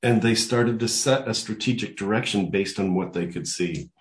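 An older man with a deep, low-pitched voice tells a personal story to an interviewer. He is animated and keeps acting out the voices of the people in his story. The recording has a noticeable room echo. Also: normal speed. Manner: animated storyteller who acts out quoted voices. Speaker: guest. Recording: echoey room.

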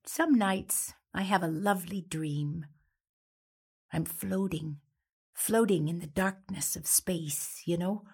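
An actress performing a dramatic monologue as a grieving mother of a badly wounded soldier son, speaking in a halting voice heavy with emotion. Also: lowish voice, gravelly, darkish tone, breathy edge, exaggerated voice. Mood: tender.

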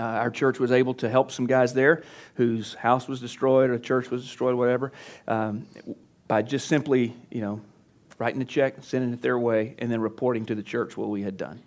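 A pastor teaching church leaders at a conference workshop, talking conversationally and getting animated when he acts out his coaching. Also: mid-range voice. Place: conference session room.

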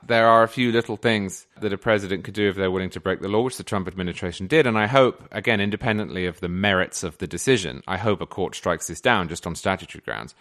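A man's voice: lowish voice, a bit bright. A man from England with a received pronunciation accent, a guest on a podcast making his case in an articulate, emphatic way. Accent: English received pronunciation. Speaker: guest commentator. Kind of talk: podcast conversation.

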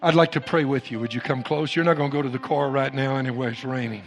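A man's voice: medium pitch, steady tone, fast talker. A man preaching a sermon and leading a prayer in a church, emphatic and repetitive in his phrasing. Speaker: pastor. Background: soft instrumental music.

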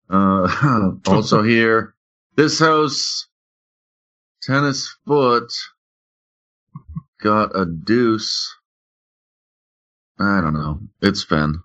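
Male podcast host, slow easygoing delivery, lively pitch, slightly muffled lo-fi sound. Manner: laid-back, laughs often, swears casually. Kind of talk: casual podcast banter.

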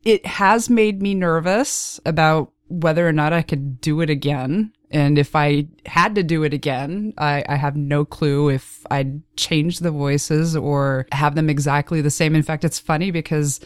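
A woman's voice: low-pitched, unhurried, few pauses, clear, resonant tone, dry recording. A woman from Texas with a faint Texas accent, chatting casually in an interview, laughing often and downplaying herself. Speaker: guest narrator.

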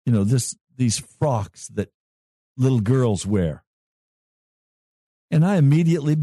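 A male pastor preaching a sermon in a slow, measured way with long pauses. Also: medium pitch, warm tone, no echo, clean studio sound.

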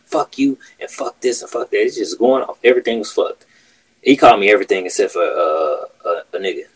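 A man's voice: lowish voice, fairly even intonation, fast talker, husky, rough recording. A man hosting a podcast, telling a workplace story in casual, profane chat. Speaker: podcast host.

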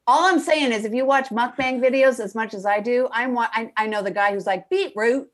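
Animated joking woman. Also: a little high, a little fast. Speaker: comedian guest. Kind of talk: casual podcast chat.

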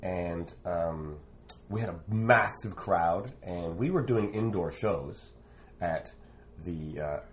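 Lower-voiced man telling a street story. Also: slow, slight background noise. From Canada. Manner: rambling, animated anecdote with fillers. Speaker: former street performer. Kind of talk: storytelling in conversation.

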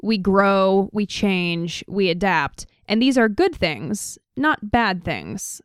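A woman co-hosting a podcast who reads news items and comments on them earnestly. Her voice is smooth and clear, recorded dry and close to the mic. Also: mid-range voice, lively intonation, takes it slowly, no echo. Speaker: podcast co-host. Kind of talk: casual political chat.

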